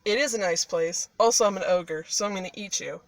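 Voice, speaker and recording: A woman's voice: mid-range voice, fairly quick, no echo, close to an everyday voice, poor audio. Boastful dim ogre, woman voicing, brash and swearing, dry.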